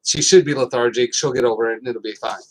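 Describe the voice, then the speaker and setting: A middle-aged man hosting a casual health talk, telling stories with lots of fillers and getting animated. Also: medium pitch, fast talker, rough recording. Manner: rambling, animated storytelling with fillers. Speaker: host.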